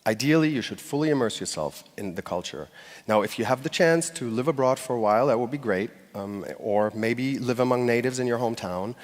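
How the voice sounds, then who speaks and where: A man's voice: mid-range voice, lively intonation, fairly quick. Man giving a talk in a reverberant hall. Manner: conversational, addresses the audience directly. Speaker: speaker giving a public talk. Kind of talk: conference talk. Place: stage before a live audience.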